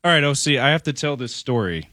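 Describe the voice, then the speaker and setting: Male radio co-host, bright tense tone, dry close mic, quick jokey banter with the host. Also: medium pitch, expressive, no echo. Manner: joking, storytelling, quick banter. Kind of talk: casual sports radio banter. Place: radio studio. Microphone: studio microphone.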